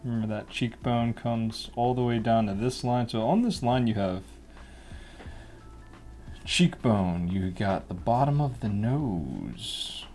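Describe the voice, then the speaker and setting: A cartoonist casually talking through a drawing lesson in a relaxed, rambling way. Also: male voice, medium pitch, takes it slowly, faint music behind. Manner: relaxed, rambling, laughs often.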